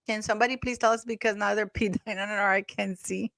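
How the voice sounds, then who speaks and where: A woman hosts a casual livestream in a chatty, rambling way, often restarting her sentences. She thanks viewers over and over with effusive warmth. Her voice sits at an ordinary middle pitch, and the recording is close and dry. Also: fairly even intonation, fast, gravelly, no echo. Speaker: livestream host.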